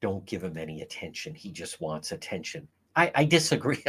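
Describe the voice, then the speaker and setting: Animated ranting livestream host, man. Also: low-pitched, normal speed, slightly rough. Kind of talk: casual livestream commentary.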